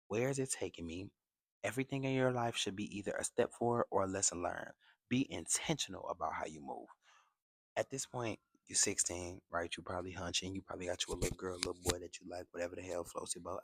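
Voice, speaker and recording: A young vlogger with a low, gravelly voice talks straight to the camera, handing out emphatic life advice in a casual monologue. He's full of streetwise slang and keeps asking "you get what I'm saying", all in a dry recording.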